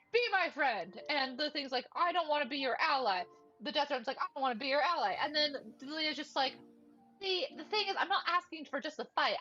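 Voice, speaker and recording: A woman's voice: high voice, fairly bright tone. A woman casually recapping a tabletop game session, chatty and giggly, quoting the characters as she goes. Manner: chatty, giggly, lots of fillers and quoted dialogue. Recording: dull lo-fi mic with faint music.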